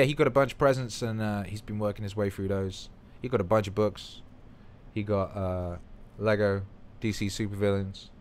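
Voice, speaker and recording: A man hosting a livestream, reading out viewer comments in a rambling, playful, profane chat. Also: on the low side. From United Kingdom. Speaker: livestream host.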